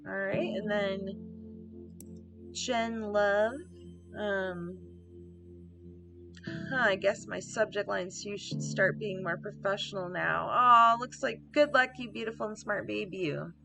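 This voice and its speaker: A woman's voice: mid-range voice, steady tone, takes it slowly, vocal fry, pauses often. A woman giving casual gameplay commentary, reading on-screen emails aloud and adding offhand asides. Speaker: let's play gamer. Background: game music.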